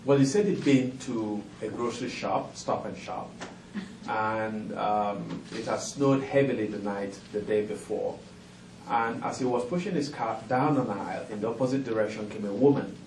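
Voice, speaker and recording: Brief: middle-aged man, low voice, playful storyteller, distant mic in an echoey hall. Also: normal speed, darkish tone. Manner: chuckling, playful, self-deprecating. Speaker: author on a festival panel. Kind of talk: humorous storytelling to a live audience. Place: event hall with audience. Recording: roomy hall, distant mic, ambient noise.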